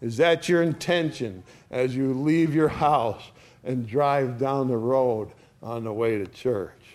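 Male preacher, earnest sermon delivery, high-pitched and unhurried. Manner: earnest, addresses listeners as "my friends".

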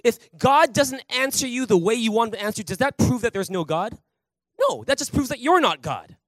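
A middle-aged male pastor preaching a sermon in a church, telling stories with lively acted-out quotes. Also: very high-pitched, no room sound, poor audio. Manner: animated storytelling with acted quotes. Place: church sanctuary.

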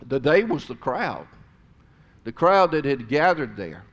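Guy preaching, gets loud then drops real quiet. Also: mid-range voice, a little slow, dull audio. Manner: animated, swings from loud emphasis to hushed tones. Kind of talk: sermon.

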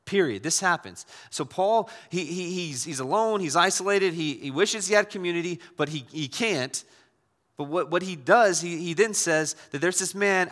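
A male pastor delivering a sermon in a bright, forceful voice that sits a little high for a man. He talks in a loose, conversational way, often restarting and repeating words. The sound carries a long reverb from a large hall.

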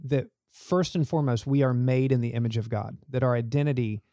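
In a podcast interview, a church youth leader speaks earnestly and uses stories to make his points. His mid-range voice is a little fast and dark in tone, recorded with clean studio sound and no echo.

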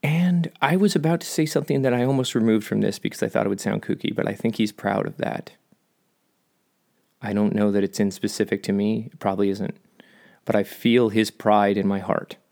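Middle-aged man, lowish voice, casual vlog monologue, wandering and self-mocking. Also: steady tone, a little fast, creaky, a little mellow. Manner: rambling, self-deprecating, jokey asides. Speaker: vlogger.

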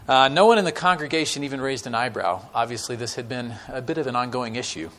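A man preaching a sermon with stories to a church congregation, talking in a conversational way with many fillers and dramatic pauses. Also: medium pitch, a bit bright. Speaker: guest preacher.

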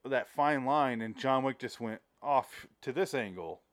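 Animated, profane man recapping a film. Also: medium pitch, measured pace, no echo. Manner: animated, profane, acts out scenes. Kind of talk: casual movie discussion.

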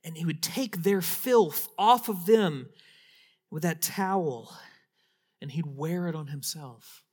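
Man preaching with dramatic hushed drops. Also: on the high side, slow pace. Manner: swings from loud emphatic preaching to hushed whispers; repeats words when restarting. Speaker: pastor. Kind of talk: sermon.

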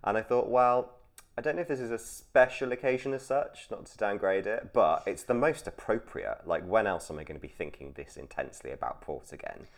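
A man's voice: lowish voice, lively intonation, fairly quick. A man hosting a casual trivia podcast, chatty and explanatory, laughing often. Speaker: podcast host.

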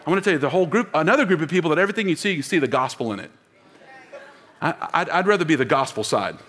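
A man's voice: fairly high pitch, animated, racing, fairly bright tone, some chatter behind, slight background noise. A man preaching a sermon as pastor, emphatic, leading the congregation in call-and-response. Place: church auditorium. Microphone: wearing a mic. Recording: long hall reverb.

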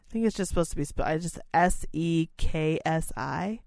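A woman co-hosting a casual podcast, crude and giggly, reading out a list in a flat drawl between bursts of banter. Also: low voice, a little fast, creaky, dry recording, clean studio sound. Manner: crude, giggly, reads lists flatly. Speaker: podcast co-host.

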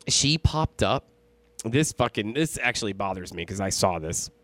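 A man casually telling a ghost story on a podcast, animated and full of swearing. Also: lowish voice, no echo. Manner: profane, animated storytelling, laughs often. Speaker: podcast co-host.

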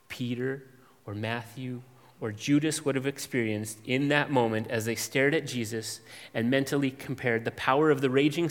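A man preaching an expository sermon as pastor, measured and emphatic, with dramatic pauses and long lists. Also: medium pitch, big-room sound.

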